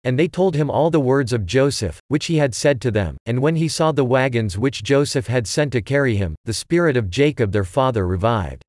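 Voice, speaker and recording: A man giving a steady, measured scripted reading of a Bible chapter. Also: mid-range voice, dry recording, clean studio sound. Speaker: scripture reader.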